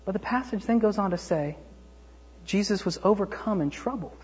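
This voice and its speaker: Male pastor, husky voice, chatty storytelling sermon with plenty of ums, muffled lo-fi recording. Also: expressive, moderate pace. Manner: conversational, retells the story with many fillers and restarts; acts out quoted voices, rises to a fervent pitch when preaching.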